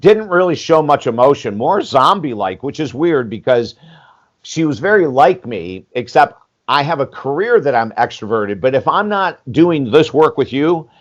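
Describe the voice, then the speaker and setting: Animated man in his sixties, telling stories. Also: mid-range voice, moderate pace, lo-fi sound. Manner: animated, acts out quoted dialogue, frequent "you know", casual swearing. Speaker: podcast guest, life coach. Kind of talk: candid storytelling interview.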